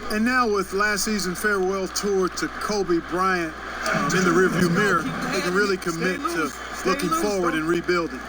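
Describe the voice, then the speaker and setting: A man's voice: high voice, normal speed, over a noisy crowd, close to an everyday voice, poor audio. A man playing a color commentator in a basketball video game, speaking conversationally. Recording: loud arena noise behind.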